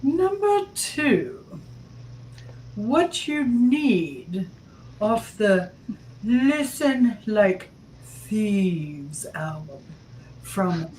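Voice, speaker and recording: A woman putting on a mock German accent to play a stiff, formal older chancellor, speaking in slow, clipped phrases. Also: medium pitch, very animated, darkish tone. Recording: distant mic with faint noise.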